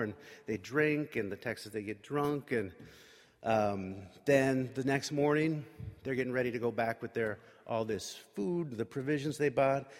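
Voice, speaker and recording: A man casually retelling a Bible story, full of fillers and voiced quotes for the characters. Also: medium pitch. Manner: loose retelling with lots of fillers and acted-out quotes. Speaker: Bible teacher. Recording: long reverb from a large room.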